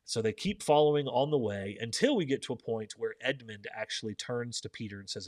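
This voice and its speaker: A man's voice: mid-range voice, expressive, brisk, hardly any pauses, a little mellow, no echo. Earnest man leading a book discussion. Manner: earnest, poses questions to listeners. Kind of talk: live book discussion with scripture readings.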